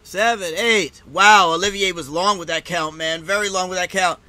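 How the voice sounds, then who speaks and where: A man calls the fight casually for his live stream audience, his voice pitched high and ringing very bright. He talks loosely, swears freely and erupts into shouts when a fighter goes down. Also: normal speed, few pauses, dry recording. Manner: excitable, swears, shouts at big moments. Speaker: live stream reaction host.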